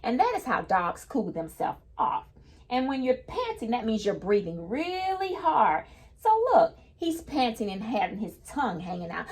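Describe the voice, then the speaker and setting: A woman reading a picture book aloud to children, patiently stopping to explain each new word in simple terms. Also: mid-range voice. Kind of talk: children's read-aloud lesson.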